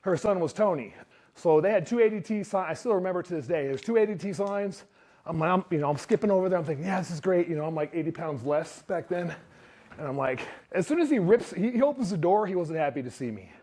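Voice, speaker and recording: A man giving a motivational talk to a live audience, telling his story in an animated way and acting out what others said. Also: high voice, quick pace. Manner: animated storyteller who acts out quotes. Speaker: speaker.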